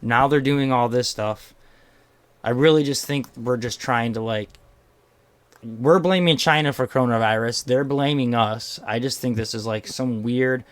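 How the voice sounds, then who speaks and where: A man's voice: mid-range voice, clean tone. A man hosting a casual podcast, joking and rambling while reading out news headlines. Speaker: podcast host. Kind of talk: casual chat.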